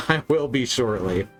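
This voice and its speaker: A man's voice: mid-range voice, fairly bright tone. Guy streaming a game, rambling and swearing, wry jokes, faint music behind. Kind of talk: casual gameplay chat.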